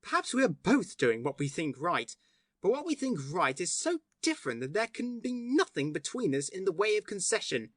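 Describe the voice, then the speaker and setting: A woman's voice: fairly low pitch, very animated, normal speed, dry recording, studio quality. A woman reading an audiobook, voicing a cool and grave young male detective.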